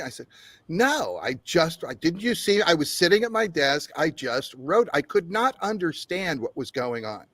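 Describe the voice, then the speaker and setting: A man's voice: fairly high pitch, unhurried, no room sound. An older man, a game developer guest, telling a long story in an interview with frequent laughs and acted-out quotes. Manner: animated storyteller, laughs often, acts out quotes.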